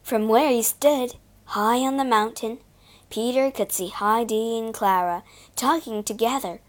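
A woman reading a storybook aloud to learners, clear and expressive. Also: a little high, measured pace. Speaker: storybook reader. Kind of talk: slow read-aloud story narration for learners.

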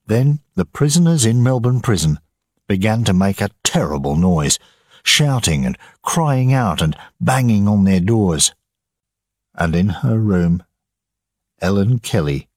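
A man narrating an audiobook for learners in a slow, measured reading. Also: deep voice, breathy edge, no echo, studio quality.

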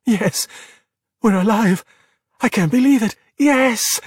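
A man's voice: a little high, fairly quick, no echo, clean studio sound, voice pushed up. A man doing a timid young sea-monster boy. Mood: elated. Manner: anxious, then excited and yelling.

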